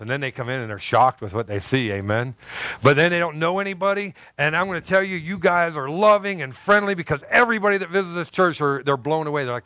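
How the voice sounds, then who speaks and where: A man's voice: on the high side, fast, bright, forceful tone, dry recording. A middle-aged man, a pastor, preaching a sermon to his church, telling a personal story in a folksy way with laughs and asides.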